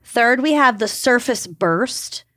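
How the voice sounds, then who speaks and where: A woman's voice: fairly high pitch, expressive, slow, a bit bright, dry recording, clean studio sound. A woman co-hosting a podcast, explaining research notes in a loose, joking way, full of "like" fillers. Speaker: podcast co-host.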